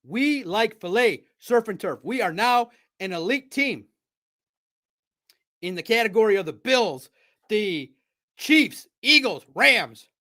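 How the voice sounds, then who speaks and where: A man with a high voice hosts a live sports stream from his home studio. He talks in a loose, excitable ramble and chats straight to his viewers. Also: slow pace.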